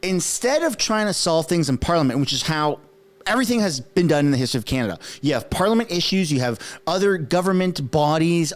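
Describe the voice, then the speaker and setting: A man whose first language is French talks through politics in a casual, animated commentary. His voice sits a little high for a man, and he keeps checking in with quick rhetorical asides as he explains. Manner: animated, conversational, frequent "right?" asides; acts out quoted speech in put-on voices.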